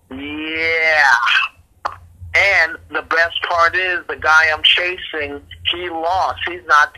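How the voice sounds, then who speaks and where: Bright-voiced boastful sports podcast man. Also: a little high, low-quality recording. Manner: boastful, teasing, stammers on restarts. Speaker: podcast co-host. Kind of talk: casual sports banter.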